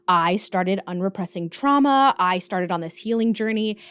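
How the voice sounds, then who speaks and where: A woman in her thirties hosting a podcast, telling a personal story in an animated, jokey, confessional way. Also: mid-range voice, moderate pace, smooth. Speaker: podcast host. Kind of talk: casual storytelling.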